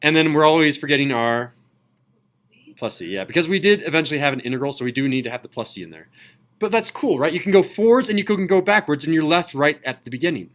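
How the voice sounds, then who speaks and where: A man teaching a high school calculus class, lively and enthusiastic, often checking in with students. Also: fast. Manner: enthusiastic, asks students questions. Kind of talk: classroom lecture.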